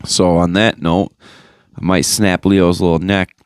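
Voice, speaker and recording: A man's voice: little pitch movement, a little slow, smooth, no echo, studio quality. A young man hosting his podcast alone, ranting in a casual, profane, rambling way with plenty of fillers, recorded on a phone mic. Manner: mocking high-pitched impressions of others. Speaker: podcast host. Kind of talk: casual solo podcast rant.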